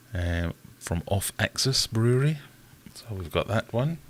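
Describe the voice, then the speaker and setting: A man hosting a casual live stream, chatting and greeting viewers in a self-deprecating way. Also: deep voice.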